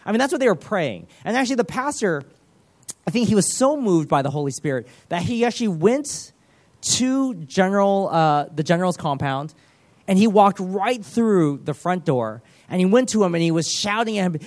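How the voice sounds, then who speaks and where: A man's voice: high-pitched, sing-song, normal speed. A man giving a sermon, retelling a story earnestly with many fillers.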